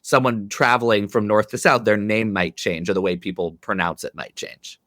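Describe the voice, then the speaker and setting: A man co-hosts the talk in a voice on the low side, recorded close and dry. He asks curious questions and sums up what the guest has said. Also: steady tone, normal speed, fairly bright tone, dry recording. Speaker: podcast co-host. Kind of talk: conversational interview.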